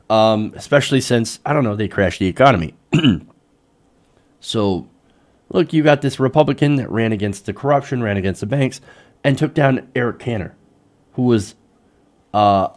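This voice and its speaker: A male host delivers a heated political rant, his pitch leaping up and dropping low as he works himself up. He sounds exasperated and mocking, as if fed up with what he is talking about. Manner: animated, exasperated ranting with mocking quoted voices. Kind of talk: political commentary show.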